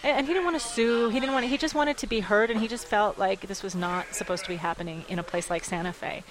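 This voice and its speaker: A woman running an advocacy group, speaking in a radio interview with lively storytelling and frequent laughs. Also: mid-range voice, fast, a crowd in the background, poor audio. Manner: animated storytelling, quotes others, laughs often. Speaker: executive director of an advocacy group.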